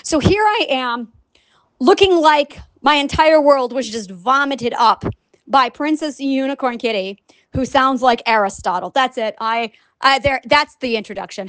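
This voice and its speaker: A woman talking casually on her vlog in an animated, rambling way, swearing now and then and acting out other people's voices. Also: sits high, a little slow, no room sound. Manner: animated and rambling, with frequent profanity; acts out quoted voices. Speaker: scientist and online writer. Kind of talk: casual unscripted vlog monologue.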